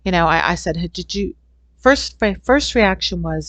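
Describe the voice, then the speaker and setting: A middle-aged holistic healing teacher with a fairly low voice tells a personal story at normal speed, rambling earnestly and restarting often in a casual storytelling way. The recording is dry and muffled.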